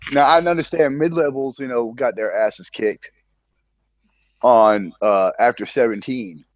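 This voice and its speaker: A man's voice: medium pitch, unhurried, no echo. A man hosting a casual voice-chat show about a strategy game event, easygoing and profane, often chuckling. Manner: laid-back, profane, chuckling. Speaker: podcast host.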